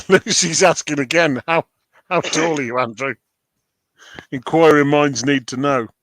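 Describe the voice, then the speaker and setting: A man's voice: fairly high pitch, measured pace, fairly bright tone, a little hiss or hum. A man, co-hosting a live stream, playfully reading out and teasing viewer comments. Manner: playful, teasing, reads out chat. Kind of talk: casual live-stream chat.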